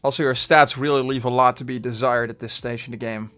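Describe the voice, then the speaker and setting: A man with a Dutch accent chatting through a live game stream, rambling and getting loudly frustrated at times. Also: medium pitch, steady tone, a little fast, clean tone. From Netherlands. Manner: chatty, bursts of frustration, trailing off.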